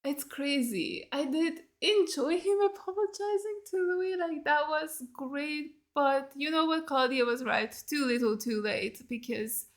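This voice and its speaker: A woman with a fairly high voice vents in a casual on-camera reaction. She is blunt and swears freely, sounding upset and exasperated, and throws out rhetorical questions with "like" all through her talk. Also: unhurried, hardly any pauses. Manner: blunt and heavily profane, talking straight at the screen. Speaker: YouTube reactor watching a TV series.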